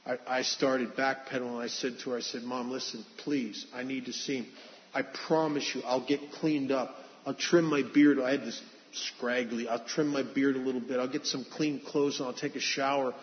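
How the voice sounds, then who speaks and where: A man's voice: mid-range voice, fairly even intonation, moderate pace, slight background noise. A man earnestly sharing a confessional personal testimony, restarting phrases as he goes. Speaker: speaker sharing his recovery story. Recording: dull reverberant hall recording.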